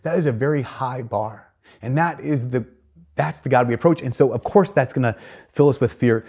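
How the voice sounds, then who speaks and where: A man's voice: medium pitch, moderate pace, a little mellow. A man, a priest, giving a homily in an earnest storytelling manner, with shifting emphasis.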